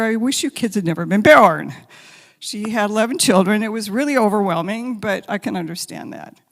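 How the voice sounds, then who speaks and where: A woman giving a spiritual talk as guest speaker, telling stories gently and sometimes dropping to a soft whisper, then leading a guided meditation. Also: lowish voice, creaky. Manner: gentle, intimate storytelling, drops to soft whispers. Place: large sanctuary. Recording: long hall reverb.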